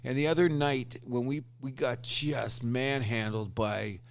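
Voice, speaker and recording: A man co-hosting a casual sports podcast, talking in an animated, opinionated way with crude fan banter. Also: medium pitch, measured pace, gravelly. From Canada. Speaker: podcast co-host.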